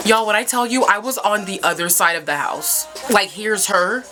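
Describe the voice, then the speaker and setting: A young woman vlogger telling a story in a casual, profane way, with sudden high yelps. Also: expressive, normal speed, bright, forceful tone, soft background music. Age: young adult. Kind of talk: storytime vlog.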